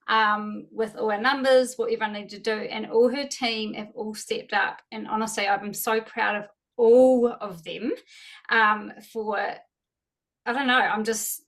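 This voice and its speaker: Woman, slightly high voice, excited emotional storytelling, video call. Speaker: team leader on a call.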